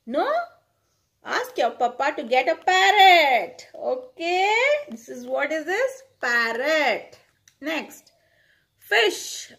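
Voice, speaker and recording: A young Indian woman teaching small children, speaking slowly in a sing-song way and repeating words for them to echo. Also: high-pitched. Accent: Indian English. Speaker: pre-primary school teacher. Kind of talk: online lesson for small children.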